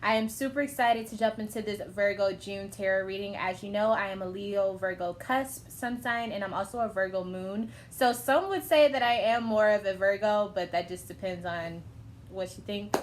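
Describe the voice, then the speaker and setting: A woman's voice: medium pitch, moderate pace, slight background noise. A woman giving a casual, chatty tarot reading to camera, effusive and talking in loose asides. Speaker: tarot reader.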